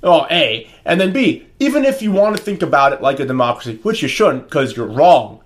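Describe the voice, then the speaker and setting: A man co-hosting a political talk podcast, making opinionated points in a deliberate, lecturing way. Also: a little high, sing-song. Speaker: podcast co-host.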